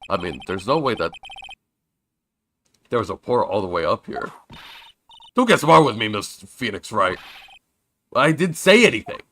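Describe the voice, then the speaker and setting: A young man casually chatting while playing a story game, reading its lines aloud and joking loudly between them. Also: deep voice, noisy background. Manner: chatty, jokey, reads game lines with loud outbursts. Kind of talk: casual let's-play commentary reading dialogue aloud.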